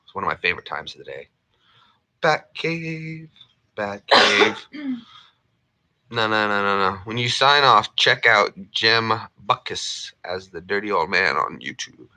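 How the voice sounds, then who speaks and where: Lively, bright-voiced man joking around. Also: lowish voice, moderate pace. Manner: rambling and jokey, playful repetitions. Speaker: gaming streamer. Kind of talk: casual chat while gaming.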